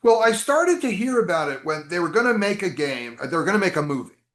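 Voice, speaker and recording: A man telling long stories as an interview guest, chatty and animated, with many asides. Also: high-pitched, fast talker. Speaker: interview guest, game designer. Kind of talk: storytelling interview answers. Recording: roomy echo.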